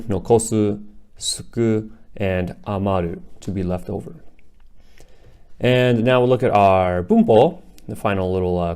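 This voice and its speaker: A young man giving a casual language lesson, explaining slowly with frequent "you know" and "like" fillers. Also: on the low side, warm tone. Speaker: Japanese teacher.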